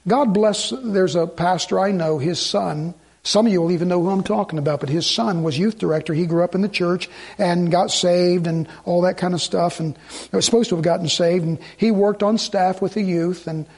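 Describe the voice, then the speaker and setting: Husky-voiced preacher man, high and impassioned. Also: normal speed. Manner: impassioned, swinging between loud urgency and hushed pleading. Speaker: pastor. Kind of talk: sermon.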